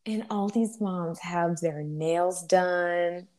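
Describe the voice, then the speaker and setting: A young woman from Florida co-hosting a podcast, telling stories in a casual, animated way and acting out the people she quotes. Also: lowish voice, slow pace. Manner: animated storytelling, acts out quoted voices. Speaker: podcast co-host. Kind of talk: casual chat.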